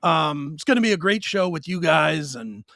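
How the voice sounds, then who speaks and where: A man's voice: fairly high pitch, expressive, normal speed, creaky, pushed and bright, dry recording, clean studio sound. A man hosting an interview show, easygoing and encouraging, often chiming in with short affirmations. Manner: easygoing, encouraging, frequent "right on". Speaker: show host.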